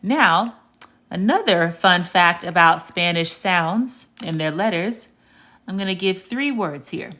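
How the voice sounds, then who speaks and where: A woman teaching Spanish on a live stream, patient and clear, slowing down to repeat example words and stopping to answer viewer comments. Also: fairly low pitch, animated, pushed and bright. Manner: reads viewer comments aloud and answers them. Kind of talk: live-stream language lesson.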